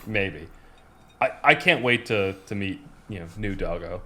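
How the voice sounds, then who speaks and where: A man with a fairly low voice tells stories on a casual podcast. He rambles, trips over his words and starts sentences over, but keeps chatting easily with his co-host. He sounds relaxed and unscripted. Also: unhurried. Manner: rambling storyteller, many restarts and fillers. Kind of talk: casual chat.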